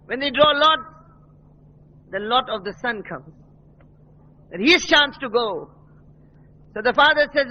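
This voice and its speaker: Guy preaching a fiery story sermon, really high voice, kinda muffled lo-fi tape. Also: expressive, moderate pace, pauses often. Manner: impassioned storytelling, voices quoted speakers. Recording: dull lo-fi recording.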